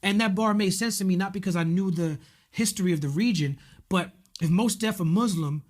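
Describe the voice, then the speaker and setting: A man with a high voice hosts an interview. He speaks earnestly and deliberately, with pauses and fillers as he gathers his thoughts. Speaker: host. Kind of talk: interview conversation.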